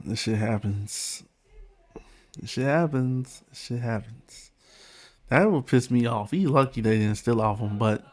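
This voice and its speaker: A man's voice: mid-range voice, darkish tone. A man with an ordinary mid-range voice runs a casual reaction vlog. He talks straight to the clip he is watching and calls it out bluntly. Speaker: reaction video host.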